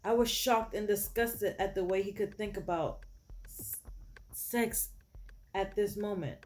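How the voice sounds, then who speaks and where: A woman's voice: mid-range voice, unhurried, darkish tone. A woman reading a story game aloud in several voices, adding sassy asides to the characters. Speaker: game streamer.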